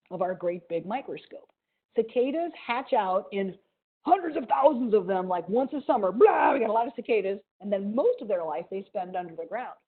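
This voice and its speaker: A museum educator with a mild Ohio accent gives an animated, playful science lesson to children over a video call, adding little sound effects. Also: female voice, mid-range voice. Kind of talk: live online science lesson for kids. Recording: tinny video call audio.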